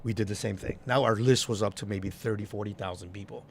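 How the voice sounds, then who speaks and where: A man's voice: fairly low pitch, quick pace, a little hiss or hum. A man, a club promoter and DJ, telling stories in a casual interview and acting out quoted voices. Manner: animated, acts out quoted voices.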